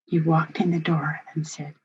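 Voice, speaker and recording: A woman's voice: deep voice, little pitch movement, normal speed, a little mellow, a little hiss or hum. An older woman, a grandmother, telling a personal family story in an earnest, heartfelt way as a workshop presenter. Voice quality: husky. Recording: dull lo-fi recording.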